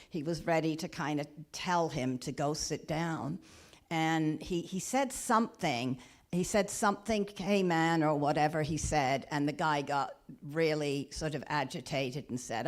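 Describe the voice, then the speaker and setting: A woman minister tells a story from the pulpit in a low voice, taking her time. She speaks gently and haltingly, often restarting her phrases. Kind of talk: storytelling sermon. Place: church or spiritual center.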